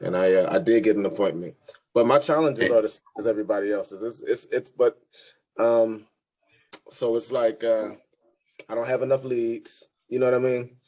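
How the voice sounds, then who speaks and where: A man, a new sales agent, talking on a video call from an office, halting and restarting as he speaks. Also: medium pitch, mellow, rough recording. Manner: halting, restarts often with fillers. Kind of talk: casual talk on a video call.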